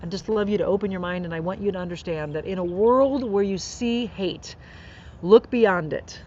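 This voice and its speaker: A woman's voice: medium pitch, fairly quick, a little mellow, highs cut off. A woman hosting a live inspirational podcast outdoors, talking earnestly and encouragingly about faith and kindness. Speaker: podcast host. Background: birds and faint outdoor noise.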